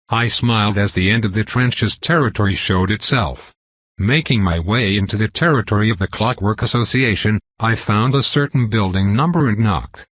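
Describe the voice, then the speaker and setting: Husky, low male storyteller, even plain reading, dry close sound. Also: normal speed, no room sound. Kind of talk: scripted narration.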